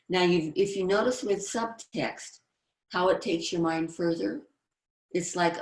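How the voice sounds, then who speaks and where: Female presenter, deep register, explanatory lecture delivery, echoey room sound. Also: slow. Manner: explanatory, reads out example lines. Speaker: screenwriting presenter. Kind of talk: instructional presentation.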